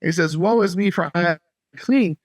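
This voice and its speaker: A man from North Carolina, a podcast guest, telling a faith story earnestly and haltingly. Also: high voice, no room sound. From North Carolina, USA. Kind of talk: casual faith testimony.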